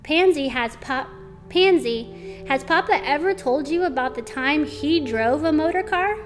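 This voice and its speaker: A woman's voice: sits high, lively intonation, unhurried, soft background music. A woman reading aloud, voicing a cheerful farm mother who teases in a light-hearted way. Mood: teasing.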